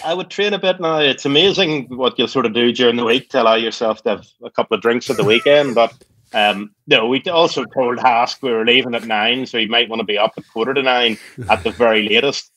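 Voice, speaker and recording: A man's voice: medium pitch, a little fast, sharp tone, no room sound, rough recording. A man with an Irish accent, a guest on a podcast, talking in a dry, understated way. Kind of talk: casual chat.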